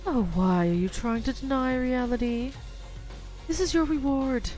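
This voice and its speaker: A woman reading the lines of a calm, persuasive mastermind villain aloud from a game, in a soothing, coaxing way. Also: high-pitched, measured pace, soft background music, voice pushed up.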